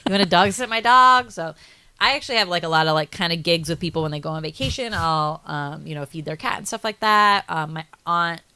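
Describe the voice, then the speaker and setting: A woman's voice: low-pitched, fairly quick, bright, forceful tone, smooth, no room sound. A young woman co-hosting a podcast, telling a long story in casual chat, full of filler likes and ums. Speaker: podcast co-host.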